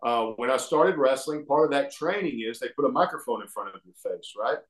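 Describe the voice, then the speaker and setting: A middle-aged man with an Alabama Southern accent, a guest telling stories in a folksy, animated way. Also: medium pitch, brisk. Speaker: guest, former pro wrestler. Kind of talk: casual storytelling interview. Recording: echoey room.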